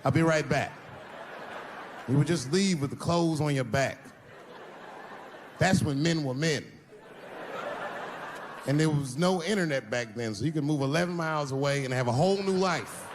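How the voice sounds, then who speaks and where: A man's voice: normal speed, pauses often. Man doing stand-up storytelling, noisy live room. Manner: animated, acts out characters with high-pitched voices. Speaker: stand-up comedian. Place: live comedy venue with audience laughter.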